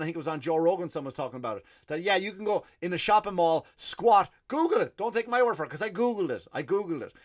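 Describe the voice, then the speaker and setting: An Irish man hosting a comedy podcast, telling a profane, rambling story in a monologue. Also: on the high side. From Ireland. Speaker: comedian host.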